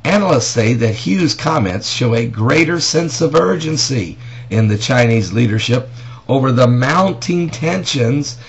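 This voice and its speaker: A man of ordinary pitch talks through the news as a pastor in a casual vlog. He reads from an article and then breaks off with emphatic, pointed rhetorical questions. The recording sounds dull and lo-fi, with a faint hiss underneath. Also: lively intonation, a little slow. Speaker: pastor and prophecy commentator. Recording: dull lo-fi audio with faint noise.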